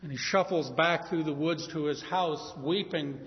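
A man's voice: on the high side, normal speed. Preacher guy telling a bible story with lots of drama, echoey dull hall recording. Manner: vivid, animated storytelling.

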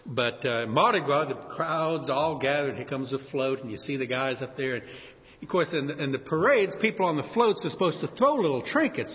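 A man from New Orleans with a New Orleans accent preaching a sermon as pastor, telling stories in a lively way and acting out shouted quotes. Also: mid-range voice, moderate pace. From New Orleans, USA. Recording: muffled sound with long hall reverb.

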